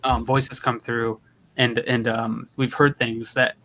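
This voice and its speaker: A man chatting casually as a paranormal investigator, rambling and hesitant. His voice is bright and forceful and sits at a middle pitch. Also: level tone, takes it slowly, slight background noise. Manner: rambling, hesitant, many restarts. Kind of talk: casual chat.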